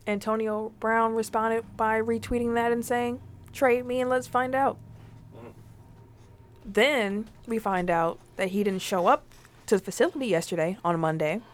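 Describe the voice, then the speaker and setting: A woman hosting a casual sports podcast, steering the talk and putting questions to the group. Her voice is lower than most women's. She recaps the news in a relaxed, conversational way. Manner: leads topics, asks the others questions. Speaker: podcast host.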